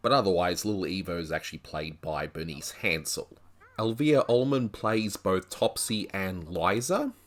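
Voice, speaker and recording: A man with a low voice walks through his review of a vintage cartoon. He talks casually, pausing for asides and small hedges as he thinks aloud. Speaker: animation reviewer. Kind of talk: video review commentary.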